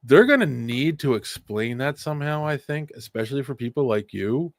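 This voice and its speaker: A man co-hosting a podcast in relaxed talk. His voice sits in a middle pitch and the sound is dry and close. He teases and banters in a lively way. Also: moderate pace, dry recording. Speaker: podcast co-host. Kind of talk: casual chat.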